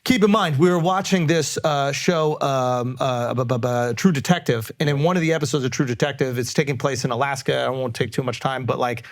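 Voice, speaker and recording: A man in his thirties, a podcast host, telling a story in casual, animated talk and swearing freely. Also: medium pitch, fairly quick, few pauses.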